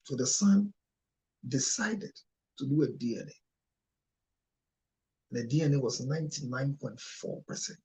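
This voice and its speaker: A man speaking as a marriage counselor in an impassioned monologue, emotional and close to tears at times, his voice jumping suddenly higher and louder. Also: lively intonation, slow, long pauses. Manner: emotional, with sharp rises in pitch and loudness.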